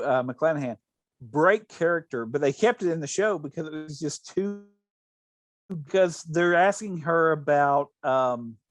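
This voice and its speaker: A podcast host with a slightly high voice tells stories in casual chat, rambling along and restarting often. There is no echo on the recording.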